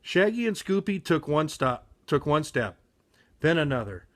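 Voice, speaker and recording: A man reading a children's picture book aloud at a slow, careful pace. His pitch rises and falls a lot, and he often stumbles and corrects himself. His voice sits a little high for a man. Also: very animated. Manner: careful, with frequent slips and self-corrections.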